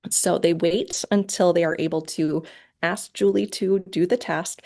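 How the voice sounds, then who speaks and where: A woman with a lower voice and a gravelly edge gives an online lecture. She explains each step clearly and slips into short quoted lines from parents and kids. Her voice comes through a video call. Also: fairly even intonation, unhurried, darkish tone. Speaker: parent training presenter. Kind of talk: lecture presentation.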